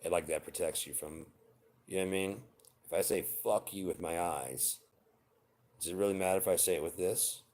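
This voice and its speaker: A very low-pitched man in his forties talks straight to his viewers about relationships. He is blunt and swears freely, but his advice comes across as earnest and heartfelt. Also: brisk, darkish tone. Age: 40s. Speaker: vlogger. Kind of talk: unscripted personal monologue.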